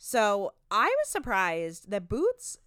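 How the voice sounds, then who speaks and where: Chatty woman with a smooth voice. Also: mid-range voice, huge pitch swings, a bit bright, no room sound, clean studio sound. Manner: chatty, laughs often, quick asides. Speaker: podcast co-host recapping a reality show. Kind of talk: casual chat.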